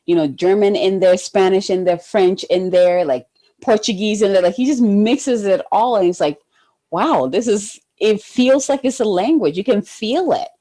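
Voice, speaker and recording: A woman's voice: mid-range voice, moderate pace. A woman hosting a podcast interview in a casual way, who agrees often and asks open questions. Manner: warmly affirming, frequent agreeing replies. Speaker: podcast host.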